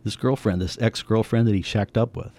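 A man in his seventies telling his family's story in a conversation, lively and acting out the voices of people he quotes. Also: fairly low pitch, fairly quick. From United States. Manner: animated, acts out quoted voices.

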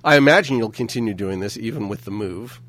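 A man hosting a casual radio talk show in a studio, hoarse and breathy from a lingering cough, playful and chatty. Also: on the low side, fast talker, fairly bright tone. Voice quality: scratchy, breathy. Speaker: radio host. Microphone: studio mic.

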